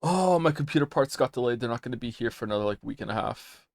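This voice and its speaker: A man's voice: medium pitch, animated, quick pace, no echo, clean studio sound. A young man streaming, chatting loosely with his viewers, rambling and reading their messages aloud, sometimes flustered. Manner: rambling, reads chat aloud, gets flustered. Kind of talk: casual chat with viewers.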